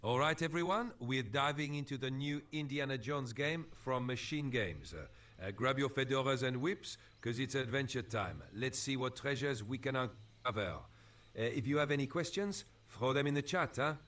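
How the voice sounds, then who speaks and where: A man's voice: mid-range voice, moderate pace, a bit bright. AI co-host man with put-on French accent. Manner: upbeat, chirpy stream patter. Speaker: AI chatbot co-host.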